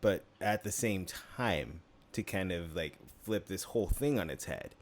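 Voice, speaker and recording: A low-voiced man co-hosting a podcast, answering in a thoughtful, measured way. His voice sits very low, and a faint hiss runs under the recording. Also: animated. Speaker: podcast co-host. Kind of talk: casual chat.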